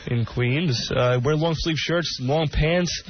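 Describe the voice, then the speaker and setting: A man's voice: a little high, slow, slight background noise. A man hosting a radio show, reading out public notices in a casual, joking way. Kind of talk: college radio talk. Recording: muffled radio with music behind.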